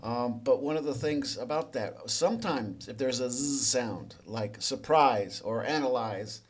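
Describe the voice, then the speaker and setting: A man teaching English. He asks the viewer quiz questions, then explains the answers in a relaxed, conversational way. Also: mid-range voice, a little slow. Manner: relaxed and conversational, with small restarts. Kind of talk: explanatory lesson narration.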